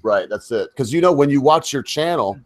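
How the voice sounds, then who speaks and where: A man's voice: mid-range voice, animated, fairly quick, no room sound. A middle-aged man hosting a chat show, asking meandering questions and drifting into rants. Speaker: host. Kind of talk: casual chat.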